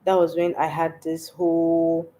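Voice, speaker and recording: A woman's voice: sits low, monotone, measured pace, mellow. A young Nigerian woman with a stuffy, congested voice from a cold, chatting casually on a livestream and laughing often. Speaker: livestream host. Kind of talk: casual livestream chat reading comments.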